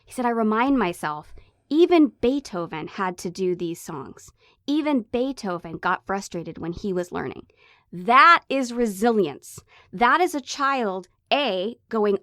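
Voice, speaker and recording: A woman's voice: mid-range voice, lively intonation, unhurried, a bit bright, no echo, clean studio sound. A woman in her thirties co-hosting a parenting podcast, talking in an impassioned, emphatic way as she pleads with parents. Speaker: podcast co-host, hypnotherapist. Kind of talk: casual podcast chat.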